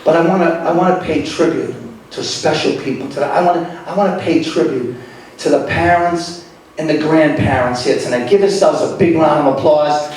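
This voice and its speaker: A man telling comedy stories on stage in a club, animated, with quick asides to the crowd. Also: fairly high pitch, slight background noise. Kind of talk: stand-up comedy. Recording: echoey club from far off.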